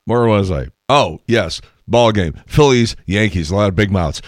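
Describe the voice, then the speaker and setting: Low-voiced podcast guy, kinda tired, wry rambling stories, dead dry mic. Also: expressive, normal speed, no room sound. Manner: chatty, wry storytelling with asides and laughs. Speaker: podcast host. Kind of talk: casual solo podcast monologue.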